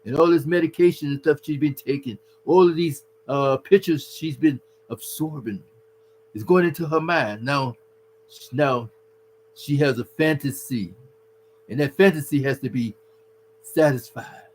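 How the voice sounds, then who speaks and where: Man, advice talk, earnest, preachy, slightly high voice. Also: unhurried, darkish tone, a little hiss or hum, poor audio. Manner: earnest, preachy, addresses listener as brother. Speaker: advice speaker to husbands.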